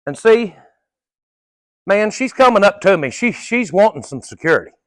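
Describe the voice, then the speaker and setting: A man's voice: sits high, sing-song, normal speed, dry recording. A middle-aged man working as a horse trainer, coaching viewers through a live training session in a folksy, casual way with the odd curse word.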